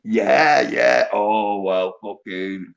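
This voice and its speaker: A man's voice: fairly low pitch, very slow, creaky. Guy swearing thru a rambling story, muffled lo-fi audio. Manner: swears freely, storytelling, trails off. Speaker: livestream host. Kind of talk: casual chat. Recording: dull voice-chat audio.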